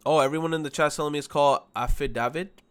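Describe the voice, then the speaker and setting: A male streamer giving loud, joking live commentary while playing a game and talking to his chat. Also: a little high, fairly even intonation, fast, clean tone. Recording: game music behind.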